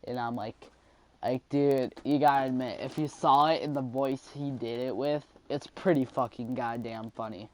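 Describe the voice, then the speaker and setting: A man's voice: mid-range voice, steady tone, moderate pace. A young man telling a school story in a casual vlog, rambling with lots of swearing and fillers.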